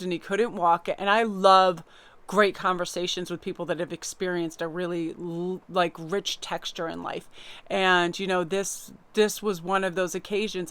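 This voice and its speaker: Tarot lady chatting away, smooth clear voice, lots of um and you know. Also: lowish voice. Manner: chatty, warm storytelling with many fillers. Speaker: tarot reader. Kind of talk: casual inspirational talk.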